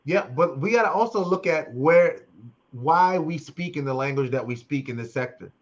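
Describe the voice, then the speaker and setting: High-voiced man, passionate host. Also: animated, moderate pace, muffled recording. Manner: passionate, preachy, repeats phrases for emphasis. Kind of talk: casual panel conversation.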